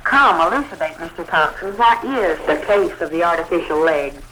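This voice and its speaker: A woman interviewing a guest on a scripted 1940s radio broadcast, asking lively, bantering questions. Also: lowish voice, moderate pace, a little hiss or hum, low-quality recording.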